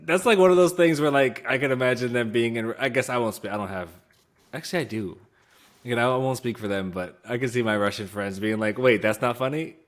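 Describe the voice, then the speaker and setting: Male podcast co-host, mid-pitched voice, joking banter. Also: brisk. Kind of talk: casual gaming podcast chat.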